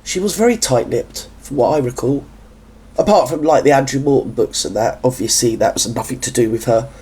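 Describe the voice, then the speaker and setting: A man's voice: medium pitch, a little fast, dark tone, slightly rough. A man from England hosting a reaction video, chatty and gossipy with sarcastic asides. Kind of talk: chatty commentary over a clip.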